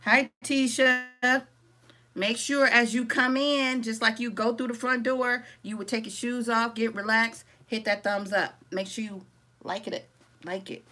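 A crochet-along host whose voice sits on the high side speaks at a measured pace during a live-stream craft tutorial. Casual and talkative, she greets viewers by name, reads their comments while working, and calls them "y'all."

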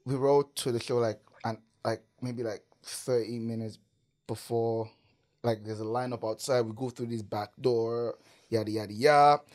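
A man's voice: mid-range voice, moderate pace. A man from Canada telling a wild story as a podcast guest, swearing, laughing and filling his talk with "like". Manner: animated, swearing, laughing storyteller with many "like" fillers. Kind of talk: casual storytelling.

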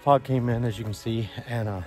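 A man's voice: mid-range voice, fairly even intonation, brisk, darkish tone, soft background music. Breathless chatty man hiking a trail. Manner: chatty, upbeat, talks to viewers directly. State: out of breath from climbing. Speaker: hiker filming a trail vlog. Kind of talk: casual vlog narration. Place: outdoors on a forested mountain trail.

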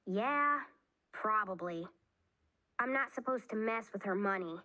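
A woman reading aloud, voicing a spirited, excitable young girl with high, squealing outbursts. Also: a little slow. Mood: lively.

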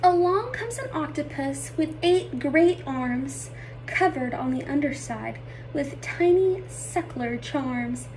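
A woman's voice: sits high, animated, slow, darkish tone, distant mic, a little hiss or hum, poor audio. A woman narrating a rhyming children's storybook aloud.

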